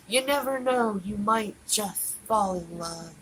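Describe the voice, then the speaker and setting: A woman talks straight to her stream in a slow, drawn-out way, pleading and circling back over the same words. Her voice is bright and a little teary. A faint hiss sits under her. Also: mid-range voice, poor audio. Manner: pleading and repetitive. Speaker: livestreamer. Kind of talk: emotional livestream monologue.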